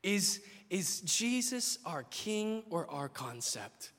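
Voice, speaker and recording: A young man preaching a sermon, impassioned, swinging between loud declarations and hushed asides, in a large church. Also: a little high, sing-song, slow, hardly any pauses, husky. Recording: long hall reverb.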